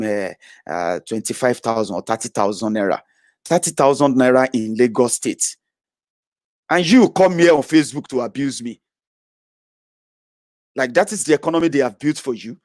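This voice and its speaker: A man's voice: mid-range voice, a little mellow, dry recording. Male commentator, combative and scornful, dry close sound. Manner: combative and scornful, many "eh" tags. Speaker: political commentator. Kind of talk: impassioned social media rant.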